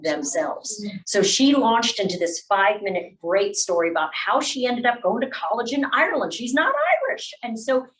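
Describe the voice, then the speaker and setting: A woman on a webinar panel, telling a work anecdote in a lively way. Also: mid-range voice, far from the mic, poor audio.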